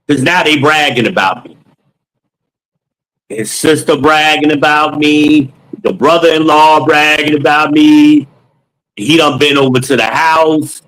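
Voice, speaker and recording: A man's voice: on the high side, a bit bright, rough recording. Casual man telling a long sales story. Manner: loose, conversational, slangy, with many ums and quoted dialogue.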